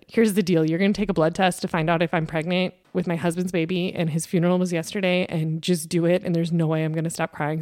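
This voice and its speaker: A woman's voice: on the low side, darkish tone, no echo, studio quality. A woman in her thirties, a podcast host, telling a personal story in a candid, conversational way with plenty of fillers.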